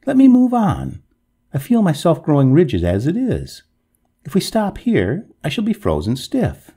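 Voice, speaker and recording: A man puts on a wailing female water ghost in a storybook reading, pitched well above his usual voice. She pleads and begs in swooping, melodramatic lines, with a husky, gravelly grain. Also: huge pitch swings, moderate pace, mellow, heavily acted. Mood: desperate. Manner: pleading, melodramatic, rising to wails.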